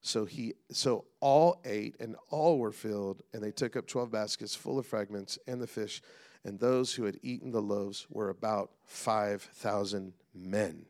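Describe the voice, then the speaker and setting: A middle-aged man preaching a sermon as pastor, calling out to the congregation and swinging between loud and hushed delivery. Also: fairly low pitch, steady tone, measured pace.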